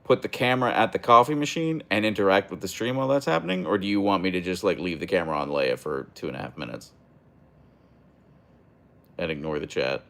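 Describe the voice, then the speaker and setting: A man's voice: low voice, fairly quick, gravelly, pushed and bright. A young man hosting a casual livestream, reading chat aloud and answering in a rambling, hesitant way with many fillers and restarts.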